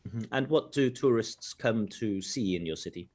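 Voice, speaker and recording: A man's voice: on the low side, animated, moderate pace, a little mellow. A man who works as a language examiner, breaking down a recorded speaking test and commenting point by point. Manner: explanatory, stops to comment. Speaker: IELTS examiner and teacher. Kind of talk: spoken exam feedback.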